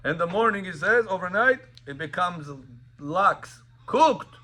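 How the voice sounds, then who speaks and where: A man leads a Torah class, his voice pitched a little high and bright with a forceful edge. He quizzes the room and tells animated stories, slipping between languages as he goes. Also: unhurried, a little hiss or hum. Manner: animated storyteller, quizzes students, mixes in Russian and Hebrew. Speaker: rabbi teaching a class. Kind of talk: Torah class on Sabbath laws. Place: classroom with students.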